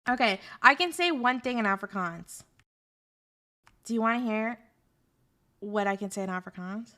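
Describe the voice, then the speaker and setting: A woman's voice: medium pitch, moderate pace, bright, forceful tone. A young woman streamer chatting casually with her audience, sarcastic and joking as she answers chat.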